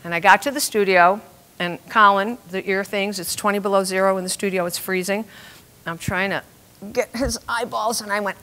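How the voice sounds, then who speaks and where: An older woman tells a comic story from her own life to a live audience. Her voice is bright and forward, and she is lively and self-mocking. She acts out the other people's voices as she goes. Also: mid-range voice, normal speed. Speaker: storyteller on stage.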